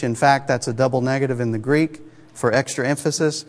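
A male preacher gives his sermon in a conversational but emphatic manner, frequently putting rhetorical questions to the congregation. His mid-pitched voice, with fairly even intonation and a brisk pace, rings through the long reverb of a church sanctuary, like a large hall.

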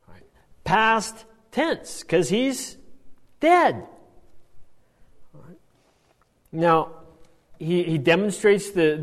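A man giving a Bible study lecture in an animated way, often checking in with "right?". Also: sits high, in a large hall. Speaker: Bible teacher.

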